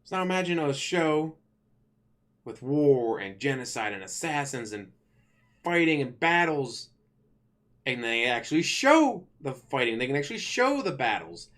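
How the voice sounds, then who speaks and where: A man vlogging in a casual, complaining rant, animated and swearing freely. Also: mid-range voice, unhurried. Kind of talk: casual ranting commentary.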